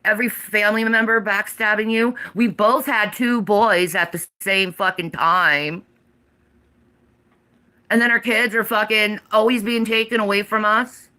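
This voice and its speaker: A woman's voice: mid-range voice, fairly even intonation, measured pace, sharp tone. A woman in her forties, ranting on a livestream, swearing heavily in a defiant, emphatic way. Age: 40s. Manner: heavy profanity, defiant and emphatic.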